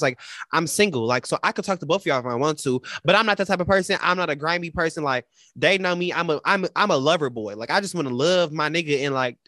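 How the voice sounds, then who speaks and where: A man co-hosting a casual talk show, telling a personal story in a dramatic, animated way and quoting the people in it. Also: a little high, dry recording, studio quality. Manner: animated, dramatic retelling with quoted voices. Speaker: podcast co-host.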